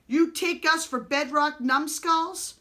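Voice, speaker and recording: Woman putting on a gruff big outlaw man. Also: high voice, takes it slowly, voice pushed up, exaggerated voice. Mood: menacing. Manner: loud rough rustic speech. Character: gruff big male outlaw, boastful and menacing.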